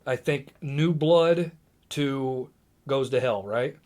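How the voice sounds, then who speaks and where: A man from Indiana, a podcast guest, telling a story in casual chat, lively and full of fillers and restarts. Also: medium pitch, slow pace. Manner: animated, acts out quotes, many fillers and restarts.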